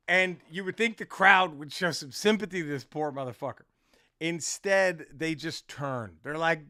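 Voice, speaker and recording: A male comedian and podcast host telling an animated, profane story in casual chat. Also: sits high, a little slow, dry recording, clean studio sound.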